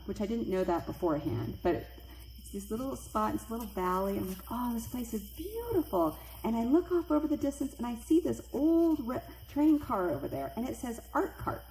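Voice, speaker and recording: A middle-aged woman telling a personal spooky story, lively and acting out the voices of the people in it. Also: vocal fry, slight background noise. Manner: animated, acts out quoted voices with big pitch jumps. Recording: echoey room with faint ambience.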